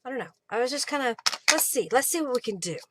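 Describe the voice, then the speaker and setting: A woman with a high-pitched voice, lively intonation and quick pace hosts a live crafting stream over heavy background noise. Chatty, she thinks aloud while working at her craft table and reads out and answers viewer comments.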